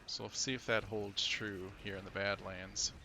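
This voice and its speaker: A man's voice: lowish voice, little pitch movement, normal speed, pushed and bright, slight background noise. A man co-hosting a live game-stream podcast, telling casual stories with frequent chuckles and fillers. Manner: chatty storyteller, chuckles often, many fillers. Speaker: podcast co-host.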